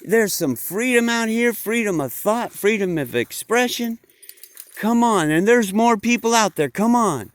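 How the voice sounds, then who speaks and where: A man doing an excited, high-voiced sheep. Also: unhurried, dry recording. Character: eager excited male sheep calling friends to freedom.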